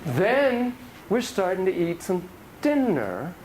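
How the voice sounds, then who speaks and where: A man's voice: high voice, sing-song, slow, darkish tone, slight background noise, rough recording. A man giving a casual, joking lecture on child psychotherapy to a class, acting out dialogue in different voices.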